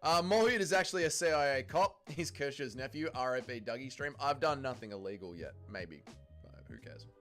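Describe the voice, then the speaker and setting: Brief: crude, joking Australian guy hosting a livestream, animated delivery, faint music behind. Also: medium pitch, a little fast. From Melbourne, Australia. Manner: joking, crude, lively banter with chat. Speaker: livestream host. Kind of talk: casual livestream chat, reading viewer comments.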